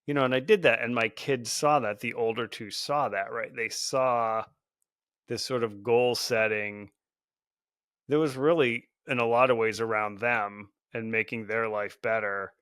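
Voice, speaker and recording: A man's voice: medium pitch, steady tone, unhurried, fairly bright tone, clean tone, dry recording, clean studio sound. A man, a podcast guest, speaking earnestly and reflectively in a casual conversation. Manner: earnest, reflective, often hedging with "like". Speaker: podcast guest, founder of a support group.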